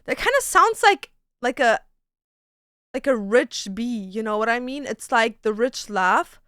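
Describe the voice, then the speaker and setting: A woman's voice: fairly high pitch, expressive, measured pace, sharp tone, clear, resonant tone, no echo, studio quality. A young woman streamer in casual chat, goofy and swearing freely as she tries out silly voices and animal sounds. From Canada.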